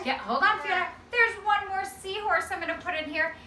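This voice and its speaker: Woman preschool teacher, lively sing-song story reader, distant and roomy classroom sound. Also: very high-pitched, normal speed, hardly any pauses, a crowd in the background. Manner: animated, sing-song, gently directing. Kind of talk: circle-time story reading to children. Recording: echoey classroom from far off.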